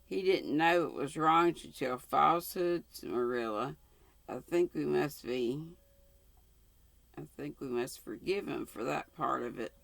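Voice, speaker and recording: A woman reading the part of a gentle young woman scolding a child softly. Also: low voice, expressive, measured pace, vocal fry, dry recording, exaggerated voice. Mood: sorrowful. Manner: soft, earnest storybook reading.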